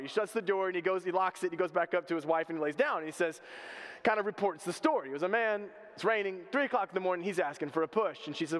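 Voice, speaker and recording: High-voiced preacher. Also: male voice, quick pace. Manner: animated storytelling with humor. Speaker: pastor. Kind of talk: sermon. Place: church sanctuary. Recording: reverberant church hall.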